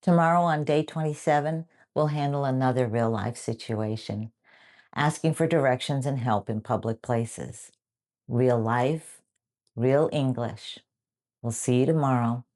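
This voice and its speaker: A woman teaching English in a clear, slow lesson delivery, acting out example phrases. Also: rumbling low, darkish tone.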